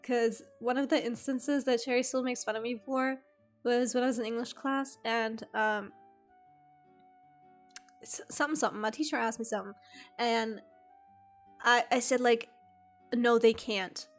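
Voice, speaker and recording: A woman whose first language is German chats casually on stream, rambling and giggling at her own stories. Her voice sits a little high, and soft music plays faintly in the background. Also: fairly even intonation, normal speed. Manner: rambling, giggly, self-deprecating. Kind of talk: casual chat with stream viewers.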